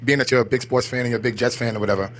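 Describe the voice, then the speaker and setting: A man's voice: medium pitch, steady tone, racing, fairly bright tone. A man from the audience asking a question in a casual, offhand way.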